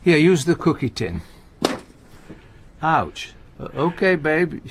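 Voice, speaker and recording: An actor playing a gentle, anxious older comedian in a radio play, talking in halting, stammering restarts. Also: male voice, fairly high pitch, very animated, noisy background, full character voice. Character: aging male comedian, gentle, anxious, talkative. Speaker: visiting friend and comedy partner.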